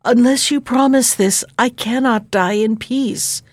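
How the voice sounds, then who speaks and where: Woman doing a dying queen in a storybook, earnest, quite high voice. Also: measured pace, darkish tone, no room sound. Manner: earnest, insistent.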